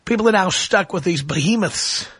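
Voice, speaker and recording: A man's voice: sits high, expressive, moderate pace, fairly bright tone, husky, no room sound. A middle-aged man hosting a talk radio show, ranting and mocking his listeners with sarcasm. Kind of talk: opinionated talk radio monologue.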